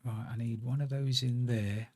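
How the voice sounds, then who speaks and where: A man's voice: medium pitch, fairly even intonation, moderate pace, a little mellow, breathy edge. A man streaming a building game, muttering to himself as he works and chatting in asides. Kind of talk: casual live-stream chat while playing.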